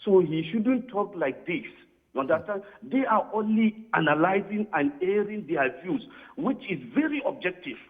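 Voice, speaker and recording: A man's voice: high voice, very animated, moderate pace. A man calling into a TV debate show, giving his view and repeatedly asking "you understand?". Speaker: caller. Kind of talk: phone-in comment. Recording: tinny phone line.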